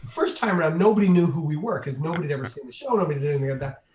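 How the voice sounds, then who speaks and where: A man with a slightly high voice tells a long anecdote with animated energy. He slips into the voices of the people in his story as he goes. His voice rings with a roomy echo. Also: racing. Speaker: interview guest.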